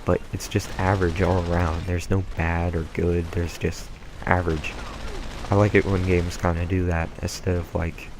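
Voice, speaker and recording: A man giving casual gameplay commentary, rambling through tangents with lots of ums and uhs. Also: low-pitched. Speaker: let's play gamer. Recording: home mic with clear background noise.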